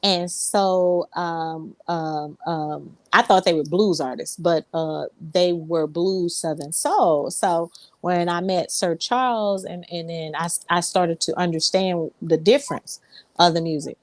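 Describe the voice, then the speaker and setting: A woman singer tells her story as an interview guest, wandering through it with plenty of ums and restarts. Her voice sits fairly low. The recording is dry, with no room sound. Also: fairly even intonation, a little slow, darkish tone, no echo. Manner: rambling, many fillers and restarts. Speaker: Southern soul singer, guest.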